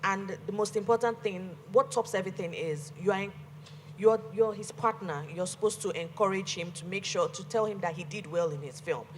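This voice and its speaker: A woman's voice: mid-range voice, fairly quick. A woman speaking earnestly about supporting her partner on a panel. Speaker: guest. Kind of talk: casual panel talk.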